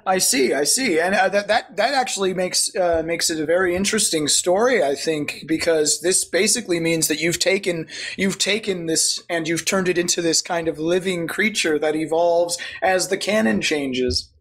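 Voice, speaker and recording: A man's voice: high voice, normal speed, hardly any pauses, a bit bright, breathy edge. A man hosting a casual podcast interview, thoughtful and affirming as he reflects on the guest's answers. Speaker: podcast host.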